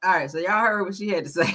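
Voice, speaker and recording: A middle-aged woman hosting a casual chat show, telling stories in an animated, profane way. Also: mid-range voice, rapid-fire, a crowd in the background. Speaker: host.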